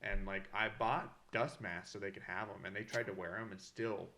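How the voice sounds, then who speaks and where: Young guy on a podcast, kinda low voice, swears a lot while he tells a story. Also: steady tone, normal speed, pushed and bright. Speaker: podcast co-host. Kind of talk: casual chat.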